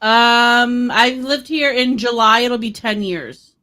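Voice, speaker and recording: A woman's voice: on the high side, takes it slowly, pushed and bright. A woman from Boston, co-hosting a podcast in casual chat, talking in a chatty way full of "like" and "um". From Boston, United States. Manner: chatty, filler-heavy, says "like" and "um" often. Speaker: podcast co-host.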